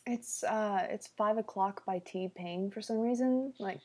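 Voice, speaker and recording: A young woman chats slowly and easily through a livestream Q&A, her voice mellow and soft-edged. She jokes with viewers and keeps slipping into quiet, whispered asides, talking into a computer mic. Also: fairly high pitch, steady tone. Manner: playful, jokey, drops into whispered asides. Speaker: livestream host. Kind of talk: casual Q&A livestream chat.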